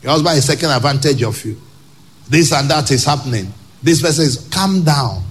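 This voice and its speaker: Male Nigerian preacher, lively swooping delivery, emphatic, pidgin asides, church sermon. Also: mid-range voice, brisk, a little hiss or hum. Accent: Nigerian English. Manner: emphatic, with loud rhetorical questions and pidgin asides. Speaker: pastor.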